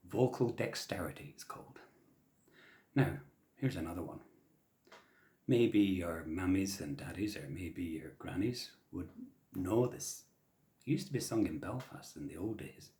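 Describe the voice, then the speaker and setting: Soft-spoken storyteller man. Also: low voice, expressive, measured pace, long pauses. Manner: gentle, soft-spoken, drops to whispers. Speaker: traditional storyteller. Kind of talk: storytelling for children.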